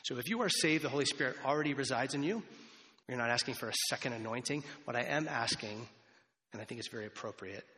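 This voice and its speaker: Speaking quickly in a sharp-toned, mid-range voice, a man preaches as a pastor, his conversational sermon full of rambling asides and restarts. The church sanctuary gives the recording a long hall reverb.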